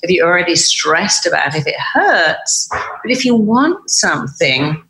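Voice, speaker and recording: A woman's voice: fairly low pitch, unhurried, creaky. Emphatic British woman, roomy sound. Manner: acts out inner dialogue in quoted voices, emphatic and lively. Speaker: guest, therapist. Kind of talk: animated podcast conversation.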